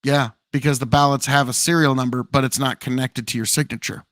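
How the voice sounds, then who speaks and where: A man's voice: medium pitch, fairly even intonation, fairly quick, a bit bright, no echo. A male debate show host arguing in a combative, sarcastic way.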